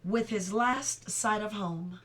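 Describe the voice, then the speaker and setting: A middle-aged woman reading a novel aloud at home, steady and clear, now and then stopping for chatty asides. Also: mid-range voice, takes it slowly, a little hiss or hum. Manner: reads steadily, breaks off for chatty asides and laughter. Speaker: audiobook reader.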